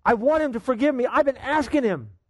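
A man's voice: very high-pitched, animated, a little fast, no room sound, muffled recording, pitched above the performer's own voice. A man voicing a scared eight-year-old boy who pleads tearfully while confessing. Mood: pleading.

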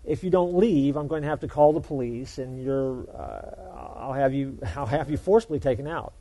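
A man's voice: medium pitch, sing-song, moderate pace, dark tone, pitched below the performer's own voice. A man playing a stern restaurant maitre d' in a joke he tells, curt and dismissive.

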